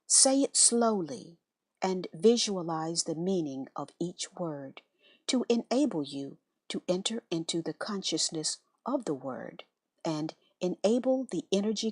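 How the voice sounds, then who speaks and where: A woman giving a slow, measured, reverent reading of a spiritual letter and meditation prayer. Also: fairly low pitch, expressive, breathy edge, no room sound, studio quality. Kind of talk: scripted devotional reading.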